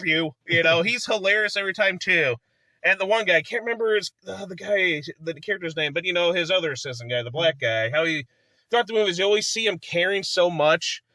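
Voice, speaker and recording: Bright-voiced enthusiastic male movie reviewer. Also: sits high, dry recording. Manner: rambling, enthusiastic, laughs often, acts out movie lines. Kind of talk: casual movie review chat.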